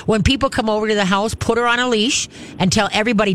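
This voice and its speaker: Woman, call-in radio host; direct, animated, faint noise behind. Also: medium pitch, fast, hardly any pauses. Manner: direct, animated, acts out cheerful praise voices. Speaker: radio show host and pet trainer.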